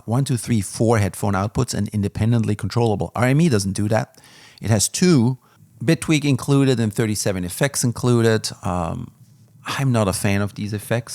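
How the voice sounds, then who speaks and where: A man's voice: on the low side, darkish tone, dry recording, studio quality. A man casually reviewing an audio interface, candid and rambling, with plenty of fillers. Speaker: music gear reviewer.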